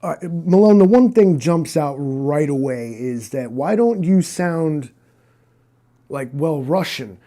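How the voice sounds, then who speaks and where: Low-key, hesitant man hosting a stream. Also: animated, slow, warm tone. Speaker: livestream host. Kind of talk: improvised comic interview.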